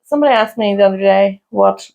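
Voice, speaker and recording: A woman, co-hosting a casual chat podcast and often breaking into loud, high laughter. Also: fast talker, creaky. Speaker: podcast co-host.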